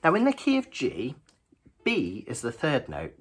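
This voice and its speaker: A man's voice: mid-range voice, huge pitch swings, a little slow, fairly bright tone, breathy edge. Chatty man teaching ukulele. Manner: chatty and encouraging, counts beats aloud while strumming. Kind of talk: friendly instructional lesson. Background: his own ukulele playing.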